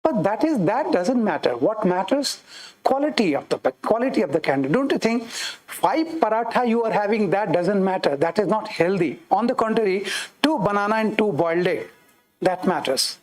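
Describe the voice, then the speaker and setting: A middle-aged man with an Indian English accent, lecturing exam aspirants in an animated way, mimicking candidates and parents and mixing Hindi into his English. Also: high-pitched, moderate pace, low-quality recording. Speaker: coaching teacher.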